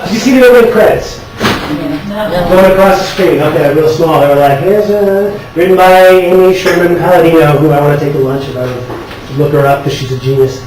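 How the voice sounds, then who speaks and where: A man's voice: on the high side, a little fast. A man giving a casual conference talk on writing, chatty and joking with the audience. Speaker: conference speaker. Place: conference room. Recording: echoey hall, distant mic, noisy.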